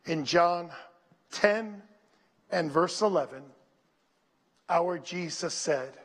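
A man's voice: high-pitched, fairly bright tone. A male pastor preaching a sermon, leading his congregation to repeat scripture lines and dropping to a near whisper on them. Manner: slow, drops to a near whisper on scripture phrases; call-and-response with the congregation. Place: church sanctuary. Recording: long reverb in a large hall.

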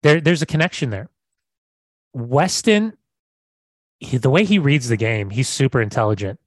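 A man's voice: mid-range voice, expressive, moderate pace, no room sound. An American man co-hosting a soccer podcast in a casual, enthusiastic chat, often repeating words as he restarts. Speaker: podcast co-host.

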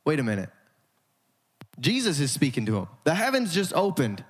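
A male pastor preaching a sermon in an emphatic style with dramatic pauses, in a church sanctuary. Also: fairly high pitch, huge pitch swings. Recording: hall reverb.

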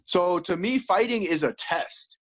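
A man's voice: high voice, expressive, measured pace, slight background noise. A man who fights and coaches, talking candidly as an interview guest and acting out quoted voices with laughs. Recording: slightly dull, lo-fi sound.

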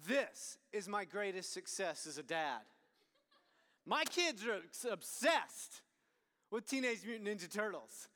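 A man, preaching a sermon as an animated storyteller who swings between loud and hushed. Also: high-pitched, measured pace. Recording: long hall reverb.

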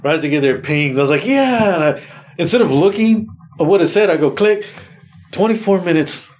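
Man co-hosting a podcast, lively storyteller who acts out his reactions and curses often. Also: a little high, fast. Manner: animated storyteller, acts out his own reactions, swears a lot. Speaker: podcast co-host. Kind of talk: casual storytelling chat.

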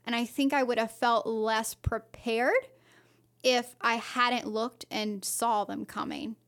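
A woman with a somewhat high voice tells a personal story in a loose, chatty way. She circles back and restarts her sentences, padding them with fillers as she chats on a podcast. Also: steady tone, takes it slowly, fairly bright tone. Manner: rambling, full of fillers and restarts. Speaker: podcast co-host. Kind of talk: casual storytelling.

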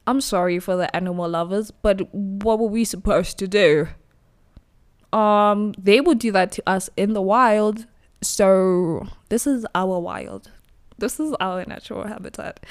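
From her new studio, a young woman hosts her own solo podcast, chatting casually, laughing at herself and over-explaining. Her voice is smooth and medium in pitch.

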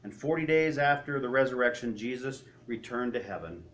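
A man preaching a sermon, telling the story vividly, asking rhetorical questions and dropping to a quiet voice for solemn points. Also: animated, brisk, slight background noise. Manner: drops to a quiet, low voice for solemn moments.

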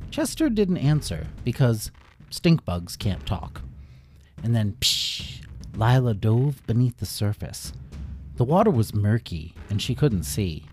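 A man's voice: medium pitch, very animated, a little slow, darkish tone, a little hiss or hum. A man narrating a children's story in a playful way, adding his own sound effects.

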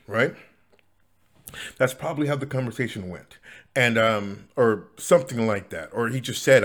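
A man's voice: mid-range voice, normal speed, a bit bright. A man hosting a casual solo podcast, talking in a rambling way with many fillers, restarts and chuckles. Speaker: podcast host.

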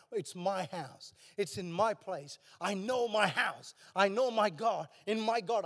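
An older man preaching with fervor, his voice unusually high for a man and climbing into shouts as he presses his point. The sound rings with a long reverb, as in a large church hall. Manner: passionate, rising to shouts. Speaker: pastor. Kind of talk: sermon.

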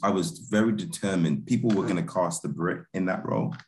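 Very deep-voiced man, laid-back. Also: fairly quick, a little hiss or hum. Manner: laid-back, trailing restarts and fillers. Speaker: film director. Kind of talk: relaxed interview chat.

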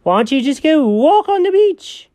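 A performer playing an excitable, chatty male buddy in an improvised audio story, talking in a playful, swooping way. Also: sits high, moderate pace, no room sound.

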